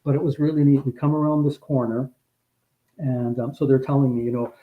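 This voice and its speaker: A man's voice: mid-range voice, little pitch movement, a little fast. A man casually recounting a personal story, rambling with frequent restarts and growing emotional as he remembers. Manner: rambling, repeats words and restarts often; gets emotional recalling the story. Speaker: guest. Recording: dull lo-fi audio.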